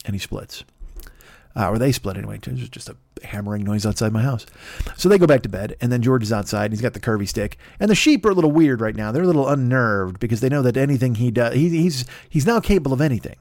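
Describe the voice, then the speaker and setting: A man's voice: medium pitch, lively intonation, fast, darkish tone, dry recording, studio quality. Rambling profane male podcast comic. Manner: rambling, profane, mock-grumbling retelling of a fable. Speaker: podcast host. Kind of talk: comic storytelling.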